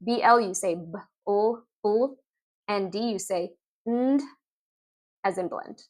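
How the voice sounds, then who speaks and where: A woman explaining reading lessons in an upbeat instructional video, sounding out letters and words slowly. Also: mid-range voice. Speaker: literacy teacher.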